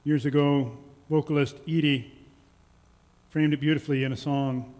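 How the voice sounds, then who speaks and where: A male pastor preaching in a church, slow and earnest, with lines that trail off softly. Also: a little high, steady tone. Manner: slow, earnest storytelling with soft, quiet endings. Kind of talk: sermon. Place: church sanctuary. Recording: long church reverb.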